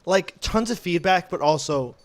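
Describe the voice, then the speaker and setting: A young man who is a guest musician, talking in a laid-back, halting way with many fillers and some swearing. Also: high voice, lively intonation. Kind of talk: casual chat.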